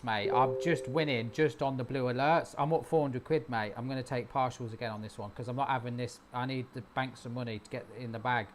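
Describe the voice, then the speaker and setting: Excitable man chatting live. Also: medium pitch, brisk, few pauses, a little hiss or hum. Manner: excitable, cheers on his trades out loud. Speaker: live-stream host and trader. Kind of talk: casual chat.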